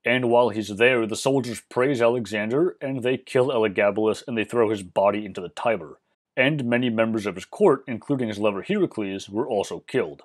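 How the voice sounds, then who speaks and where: Man narrating history with wry asides. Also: on the low side. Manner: dry, wry asides in measured explanation. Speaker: history channel host.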